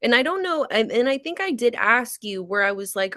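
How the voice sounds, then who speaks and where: A woman's voice: on the high side, big pitch swings, fairly quick, hardly any pauses, bright, forceful tone, no echo, clean studio sound. A woman co-hosting a podcast, talking in a frank, emphatic casual way and laughing readily. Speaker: podcast co-host. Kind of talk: casual chat.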